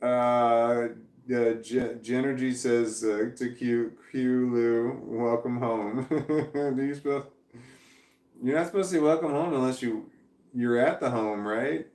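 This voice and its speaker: A man's voice: mid-range voice, fairly even intonation, slow, darkish tone. A man hosting a casual live stream, rambling as he reads chat messages aloud and laughs often, his voice prone to cracking when tired. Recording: echoey room, distant from the mic.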